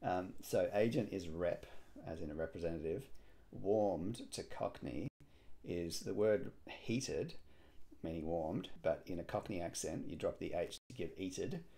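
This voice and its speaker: A man solving a cryptic crossword aloud, musing and hesitant, with frequent pauses and fillers. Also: low-pitched, dark tone. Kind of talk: thinking aloud while solving.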